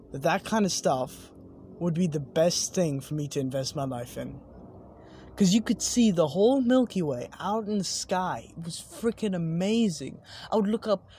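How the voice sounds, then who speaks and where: Husky-voiced young adult rambling casually. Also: mid-range voice, dark tone. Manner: rambling, swearing, many self-corrections. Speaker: vlogger. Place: outdoors at night overlooking buildings.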